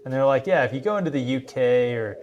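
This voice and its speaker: A man's voice: medium pitch, expressive, fast talker, lo-fi sound. Laughing man chatting with friends, noisy. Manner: rambling, laughs often, restarts. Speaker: podcast host. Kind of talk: casual chat.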